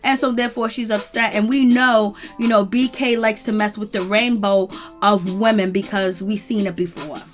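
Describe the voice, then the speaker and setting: A woman's voice: mid-range voice, fairly even intonation, normal speed, hardly any pauses, faint music behind. Chatty opinionated woman recapping gossip. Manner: chatty, opinionated, many "you know" fillers. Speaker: reality TV recap host.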